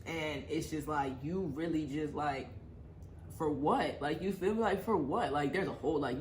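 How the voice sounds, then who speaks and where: A woman telling a story in a casual vlog, animated and profane, acting out a quarrel. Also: sits low. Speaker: vlogger. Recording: echoey room with faint background noise.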